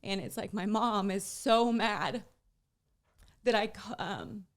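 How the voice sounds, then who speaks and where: At a slow pace and medium pitch, a young woman guest in an interview shares her own painful story. She is tearful and emotional, candid and blunt, swearing without restraint.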